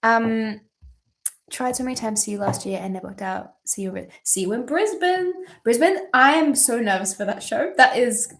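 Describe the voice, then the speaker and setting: A woman's voice: on the high side, normal speed, fairly bright tone. A young Australian woman hosting a birthday livestream, chatting casually, rambling with lots of ums and casual swearing while she reads viewer questions.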